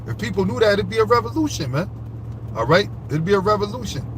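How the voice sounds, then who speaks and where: A fiery preacher with a fairly high voice rails outdoors, with faint traffic behind him. He drags out scripture word by word, then climbs higher and louder as his anger builds, swearing and checking in with "all right?". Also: very animated. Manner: fervent, profane, rambling, keeps asking "all right?"; reads scripture slowly, then rises in pitch when agitated. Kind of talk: fiery street-style scripture commentary.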